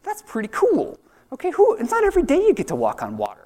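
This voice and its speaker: A man preaching a sermon in a chatty, animated way, acting out the voices in the story. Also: very high voice, very fast. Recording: long reverb of a large hall.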